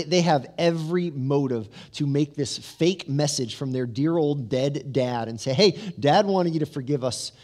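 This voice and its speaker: A man preaching a sermon as pastor, telling the story with lively asides and humor, then dropping to a soft, low voice for weight. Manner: drops to a soft, low voice for emphasis.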